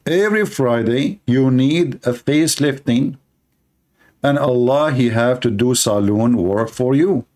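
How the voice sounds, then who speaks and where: A man's voice: mid-range voice, measured pace, darkish tone. A man giving mocking religious polemical commentary in a sarcastic tone. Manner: sarcastic, laughing at his own points. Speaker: religious debater.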